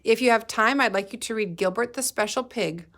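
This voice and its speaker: A woman's voice: fairly high pitch, fairly quick, fairly bright tone. A woman teacher giving a patient, encouraging reading lesson to young children.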